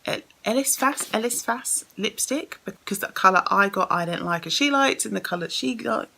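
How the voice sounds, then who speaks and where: A woman's voice: mid-range voice, animated, normal speed, vocal fry, pushed and bright, slight background noise. A young woman chatting casually as she unboxes a gift on camera, effusive and full of thanks. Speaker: beauty vlogger.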